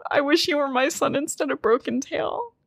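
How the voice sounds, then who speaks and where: A woman's voice: on the high side, steady tone, a little fast, fairly bright tone, no room sound. A blunt, dying old she-cat, as a woman on a podcast quotes her, speaking in a raised, lightly put-on tone. She swears in offhand retelling style. The voice is dry and close, with no room sound. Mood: tender, blunt.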